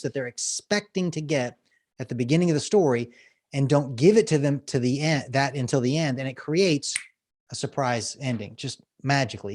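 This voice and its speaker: A male business storytelling coach, guesting on a podcast interview, lays out techniques and offers an example tale. He comes across as animated and laughs often, his voice pitched in the mid-range.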